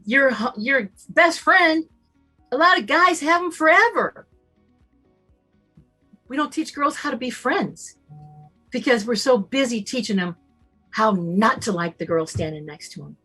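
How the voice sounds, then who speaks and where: A woman speaks as a summit guest in a slightly high voice, emphatic and animated. She acts out little bits of dialogue in shifting voices. Faint music sits behind her. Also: measured pace, long pauses, slightly rough. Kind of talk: casual talk, motivational.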